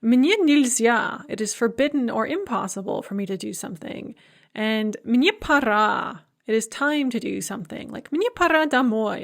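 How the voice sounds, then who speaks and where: A woman lecturer teaching a language lesson, explaining grammar step by step and slowing down to enunciate each example phrase. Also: on the high side, creaky. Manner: explanatory, repeats key points. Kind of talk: recorded lecture.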